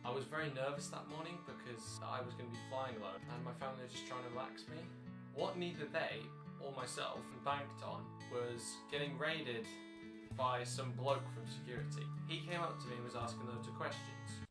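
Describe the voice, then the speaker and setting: Brit vlogger, medium pitch, chatty and deadpan-funny, roomy recording with music. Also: male voice, brisk, recorded from a distance. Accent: British English. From Britain. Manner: chatty, dry jokey asides. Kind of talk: casual vlog narration. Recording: echoey room with background music.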